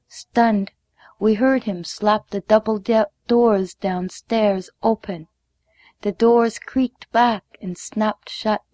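Woman storyteller, slow and deliberate, sometimes hushed, dry close recording. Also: mid-range voice, dry recording. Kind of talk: reading a memoir story aloud.

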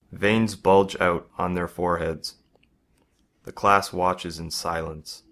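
A man reads a first-person story aloud in a measured, even way. His voice sits very low and the pace is slow and deliberate. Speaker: narrator.

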